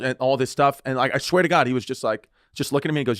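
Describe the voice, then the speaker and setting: A man's voice: medium pitch, fast, hardly any pauses, fairly bright tone, no room sound, clean studio sound. A man telling a comic story in casual talk, rambling, swearing and laughing as he goes. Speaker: comedian guest.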